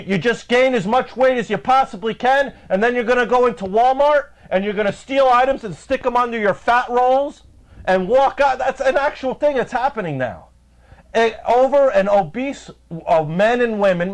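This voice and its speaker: A man's voice: sits high, poor audio. A man hosting a live web show, ranting indignantly about politics with frequent stammered fillers. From United States.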